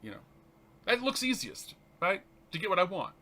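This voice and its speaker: Hosting his show, this male reverend reads from a spiritual text and offers commentary, stopping and starting often and breaking into laughs. He speaks lively and haltingly, his pitch sitting high.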